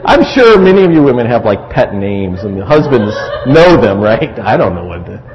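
A man's voice: lowish voice, big pitch swings, moderate pace, crowd noise. A middle-aged man preaching a conversational sermon on marriage, with frequent asides to the congregation. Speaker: pastor. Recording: dull lo-fi recording in a reverberant hall.

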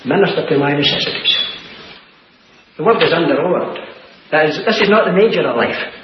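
A man preaching an earnest sermon, repeating key phrases and dropping to a hush for emphasis. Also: fairly high pitch, lively intonation, a little fast. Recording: muffled, hissy, echoey old recording.

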